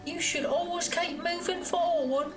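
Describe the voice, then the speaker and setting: A woman's voice: extremely high pitch, fairly even intonation, measured pace, over music, pitched above the performer's own voice. A woman voicing a wistful young woman on a dock in a mock European accent that sounds like a little chimney sweep boy.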